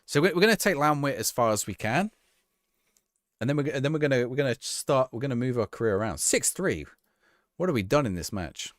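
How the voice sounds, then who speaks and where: A young man streams a game live, chatting casually with a quick, sing-song, mid-range voice. He answers chat in a rambling, easygoing way and laughs often, in a studio-quality recording with no room sound.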